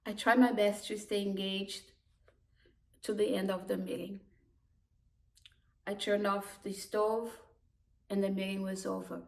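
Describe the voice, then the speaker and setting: A woman telling a personal story about her own life in a halting, emotional way, with broken restarts. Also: mid-range voice, level tone, vocal fry, a little mellow. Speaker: immigrant community worker. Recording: voice distant from the mic.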